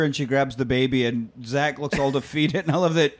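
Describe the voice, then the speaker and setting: A man's voice: medium pitch, brisk. A man co-hosting a podcast, retelling a film scene by scene in casual, profane chat and acting out the characters' lines. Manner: animated, profane storytelling with quoted voices. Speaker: podcast co-host recapping a film.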